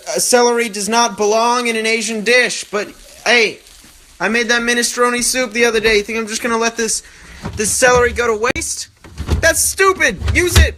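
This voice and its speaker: A man's voice: very high-pitched, sharp tone. A young man hosting a comedy cooking show, rambling in mock-serious self-talk as he cooks in a home kitchen. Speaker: cooking channel host. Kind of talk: comic cooking monologue. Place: home kitchen, frying on the stove. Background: sizzling pan.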